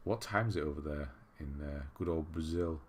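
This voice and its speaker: A man's voice: extremely low pitch, moderate pace, a little hiss or hum. A man from England hosting a livestream in a casual, chatty way, reading viewer messages aloud and laughing at himself. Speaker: livestream host reading chat.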